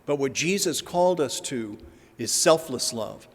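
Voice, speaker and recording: A man's voice: medium pitch, expressive, unhurried, breathy edge. A man in the middle of his voice range gives a Lenten talk in a church, the sound trailing off in a long reverb. He talks casually, with plenty of fillers, and slips into acting out gospel dialogue as he goes. The recording is a plain parish lecture. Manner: conversational, with filler words and acted-out gospel dialogue. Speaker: guest speaker.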